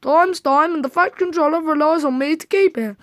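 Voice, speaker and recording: A woman's voice: high voice, fairly bright tone, no echo, voice pushed up. A woman voicing Thomas, a bossy and impatient male tank engine, speaking crossly in a storybook reading. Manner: cross, hurried.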